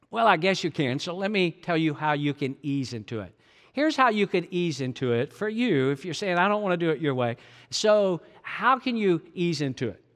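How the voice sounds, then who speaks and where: High-voiced pastor preaching in a reverberant hall. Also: male voice, a bit bright. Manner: earnest, conversational preaching with rhetorical questions. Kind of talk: sermon. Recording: long reverb of a large hall.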